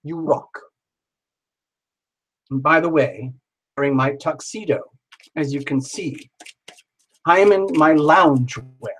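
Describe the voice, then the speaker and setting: A man's voice: on the high side, slow pace, pauses often, fairly bright tone, slightly rough, poor audio. A man hosting a live tarot stream, who talks playfully and jokes around with sing-song asides. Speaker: tarot reader hosting a livestream.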